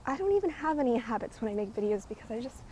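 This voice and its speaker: A young adult woman vlogger rambles chattily while walking outdoors, full of fillers and a little out of breath. Her mellow voice sits on the high side, with big pitch swings and a rapid-fire delivery. The poor audio, recorded on a handheld device with a clip mic, carries slight background noise.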